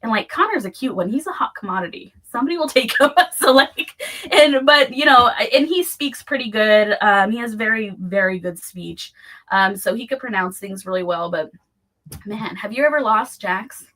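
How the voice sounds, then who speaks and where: A woman in her thirties with a bright, forward voice, co-hosting a relaxed talk show. She talks in a chatty, rambling way and fills her sentences with "like.". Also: on the high side, moderate pace. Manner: chatty, lots of fillers like "like". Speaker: podcast co-host. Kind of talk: casual chat.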